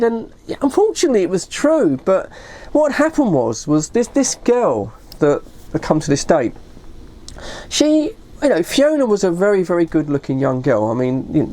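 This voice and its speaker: A woman's voice: fairly low pitch, big pitch swings, moderate pace, mellow. A woman telling a long story in a casual, rambling way, often correcting herself and saying "you know". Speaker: vlogger.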